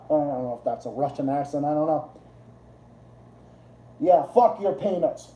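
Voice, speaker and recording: A man's voice: on the high side, expressive, normal speed, long pauses, warm tone. A man hosting a casual livestream, rambling and swearing, often laughing at his own jokes. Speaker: livestream host. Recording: roomy echo.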